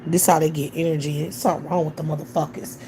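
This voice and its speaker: A woman's voice: sits low, little pitch movement, fast talker, noisy background. A woman hosting a livestream, ranting bluntly with heavy profanity. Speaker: livestream host. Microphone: computer or phone mic on a livestream.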